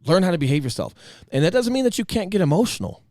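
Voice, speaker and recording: A man co-hosting a casual podcast chat, talking with emphatic passion and swinging between loud bursts and quiet asides. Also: high voice, very animated, fast, no room sound, clean studio sound. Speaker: podcast co-host.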